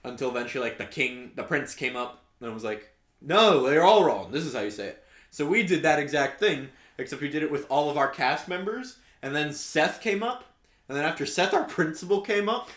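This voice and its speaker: A man's voice: a little high, lively intonation, a little fast, a bit bright. A young man in casual podcast chat, telling a rambling story with many fillers. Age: young adult. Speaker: podcast co-host. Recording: roomy echo.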